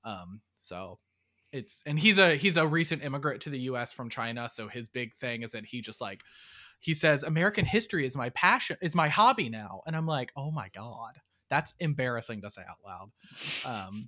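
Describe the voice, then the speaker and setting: A man co-hosting a podcast, recapping a movie in casual chat, sarcastic and often mock-quoting in a flat undertone. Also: mid-range voice, a little fast. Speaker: podcast co-host.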